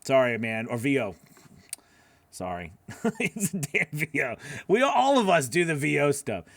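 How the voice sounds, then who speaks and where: A man's voice: medium pitch, sing-song, unhurried, gravelly, fairly bright tone, dry recording. Chatty man coaching live. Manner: loose and chatty, many fillers, laughs at himself. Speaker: voiceover coach hosting a live Q&A. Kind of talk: casual live Q&A answering viewer questions.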